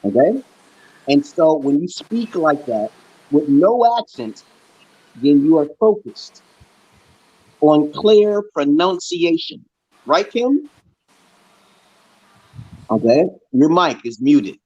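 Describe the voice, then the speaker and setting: Husky-voiced man from Brooklyn, emphatic. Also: fairly high pitch, very animated, slow, pauses often, a little mellow, no echo, highs cut off. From Brooklyn, New York, USA. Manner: emphatic, keeps checking in with "okay". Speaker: stream host giving language advice. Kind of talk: casual teaching chat.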